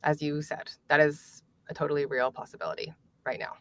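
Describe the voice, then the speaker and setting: Female author guest, very low voice, measured answers, dry close recording. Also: level tone, dry recording. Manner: measured, laughs lightly, many fillers. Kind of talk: conversational interview.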